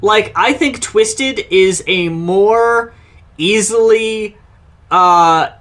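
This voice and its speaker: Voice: medium pitch, very slow, fairly bright tone. A co-host on a casual album review podcast, giving blunt, dry opinions. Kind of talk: casual comedic review chat.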